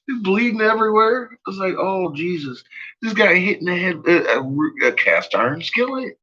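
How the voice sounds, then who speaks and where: A man's voice: sits high, expressive, a little fast, sharp tone, lo-fi sound. A man telling a rambling personal story, swearing freely and laughing often. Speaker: vlogger.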